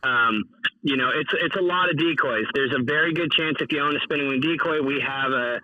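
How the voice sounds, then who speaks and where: West coast guy, super bright voice, chill talk, sounds far off and muffled. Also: medium pitch, fairly quick, no room sound. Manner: laid-back, says "dude" a lot. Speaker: podcast guest, decoy maker. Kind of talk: casual podcast chat.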